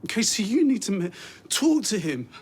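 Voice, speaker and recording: A man's voice: sits high, very animated, moderate pace, breathy edge, heavily acted. A middle-aged actor playing an anxious father who talks in an urgent, insistent and pleading way.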